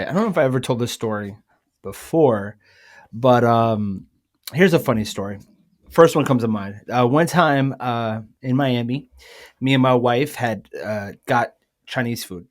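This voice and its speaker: A man chatting as a guest on a podcast, spinning a lively personal anecdote. He talks casually, piles up fillers and restarts, and slips into other people's voices as he goes. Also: mid-range voice. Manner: animated, acts out quoted voices; frequent fillers and self-corrections. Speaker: guest musician. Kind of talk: casual storytelling.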